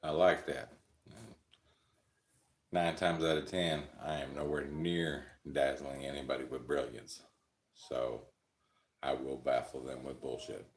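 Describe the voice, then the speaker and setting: A man's voice: extremely low pitch, level tone, measured pace, pauses often, echoey room, a little hiss or hum. A man hosting a live stream, telling rambling, crude, joking stories and chuckling often. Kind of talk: casual storytelling chat.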